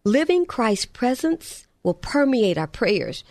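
Middle-aged woman preacher, fairly high voice with big pitch swings, dry close sound, emphatic sermon delivery. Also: big pitch swings, darkish tone, no room sound. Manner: emphatic, slows and drops pitch on key words, repeats lists.

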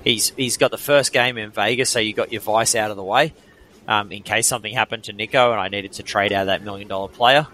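A man's voice: on the low side, steady tone, fairly quick, bright, forceful tone, a little hiss or hum. A man with an Australian accent, co-hosting a sports podcast and giving firm, opinionated takes with frequent ums. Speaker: podcast co-host. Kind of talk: casual sports chat.

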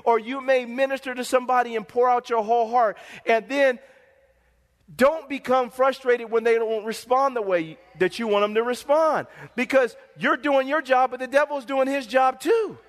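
A man's voice: very high-pitched, moderate pace. A male pastor preaching a sermon in an emphatic, repetitive, call-and-response manner, with a long hall reverb.

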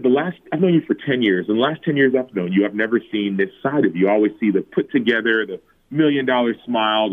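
A man in his thirties, a former football player, tells personal stories in an interview, acting out quoted lines in a higher voice. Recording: tinny phone-like remote line.

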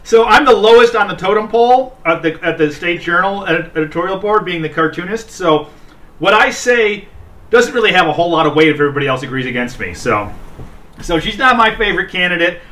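A man's voice: sits high, lively intonation, fairly quick, bright, forceful tone, recorded from a distance. A man who is a newspaper cartoonist, chatting on a podcast in a wry, sardonic way. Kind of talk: casual political chat.

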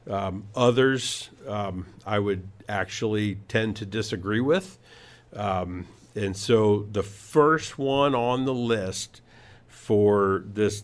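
A man hosting a home improvement talk show, giving tips in a casual, rambling way with many fillers and restarts. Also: lowish voice. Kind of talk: casual radio-style talk.

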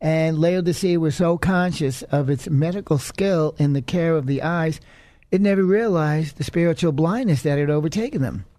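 A man's voice: a little high, normal speed, dark tone, no echo. A man teaching the Bible on his radio program in an earnest, conversational way.

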